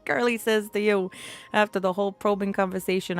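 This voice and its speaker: A woman's voice: medium pitch, fairly even intonation, a little fast, faint music behind. A woman streaming a survival game, chatting with a teammate and her viewers, laughing often and trailing off mid-thought. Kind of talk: casual gaming stream chat.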